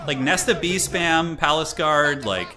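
Excitable man casting a game. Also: fairly high pitch, measured pace. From United States. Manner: excitable, chatty, answers stream chat. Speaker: tournament caster. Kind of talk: casual live game commentary.

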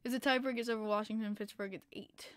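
A young woman with a New York accent, chatting casually with her live-stream audience as host, excitable and profane, laughing often. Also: a little high, fast talker, clear, resonant tone, dry recording.

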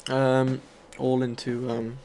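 A man talks through his gameplay in a loose, rambling way, tossing in fillers and the odd curse. His voice sits at an ordinary middle pitch, with a faint hiss of noise behind him. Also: monotone, slow pace. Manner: rambling and loose, with many fillers and casual swearing. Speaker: gaming video host. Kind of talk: casual gameplay commentary.

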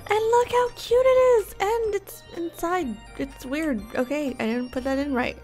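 A woman's voice: very high-pitched, takes it slowly, faint music behind. A young woman giving casual, bubbly gameplay commentary, gushing and gasping as she explores. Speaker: gaming YouTuber.

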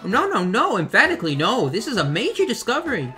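A man's voice: high voice, very animated, moderate pace, pushed and bright, faint music behind, exaggerated voice. A man voicing a pompous, fussy bird who is the guild's stern assistant, talking in a haughty, emphatic way.

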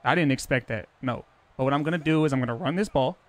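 A man's voice: mid-range voice, fast. A young man live-streaming a football video game, talking to his chat in a brash, profane, defensive way and boasting about his ranking.

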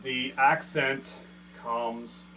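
A man's voice: medium pitch, fairly even intonation, very slow, pushed and bright, slight background noise, low-quality recording. A man teaching a drum lesson, explaining step by step, counting beats aloud and checking in with the viewer as he goes. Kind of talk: casual video drum lesson. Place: indoor room with electronic drum kit. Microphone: camera mic.

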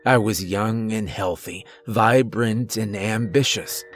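Slow, low-voiced male horror narrator. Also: soft background music. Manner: slow, measured storytelling. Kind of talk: scripted narration.

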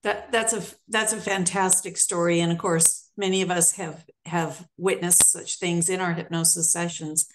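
A woman hosting an interview, calmly recounting a session with a client. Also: on the low side, normal speed, hardly any pauses, a little hiss or hum. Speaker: host. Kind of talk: conversational interview.

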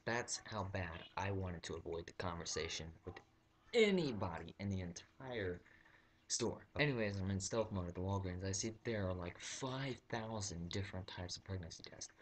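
A man's voice: fairly low pitch, slight background noise. A young man telling a comic story on his vlog, rambling with lots of fillers and restarts. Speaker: vlogger.

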